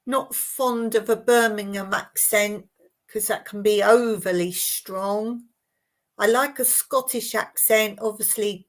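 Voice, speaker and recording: A woman's voice: medium pitch, fairly bright tone. A woman from Surrey with a southern English accent, chatting casually to viewers as host of a live stream, often repeating words and laughing. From Surrey, England. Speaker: livestream host.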